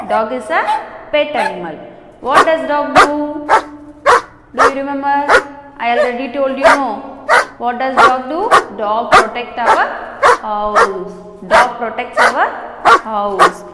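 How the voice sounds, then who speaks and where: A high-pitched woman with an Indian English accent teaches a kindergarten class at an unhurried pace and keeps repeating her questions. Her voice rings through a long, echoey hall. The room is roomy and reverberant. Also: animated, very noisy. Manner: slow, repetitive questions to the class. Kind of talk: online lesson for young children.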